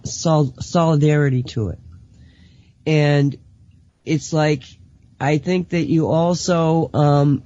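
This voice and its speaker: A woman in a casual group discussion, speaking in a reflective, philosophical and unhurried way. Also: low-pitched, dark tone. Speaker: panel co-host. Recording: dull lo-fi audio.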